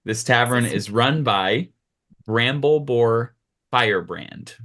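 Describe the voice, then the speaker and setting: A man acting as game master, narrating a tabletop fantasy game in a relaxed, scene-setting way. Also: medium pitch, takes it slowly.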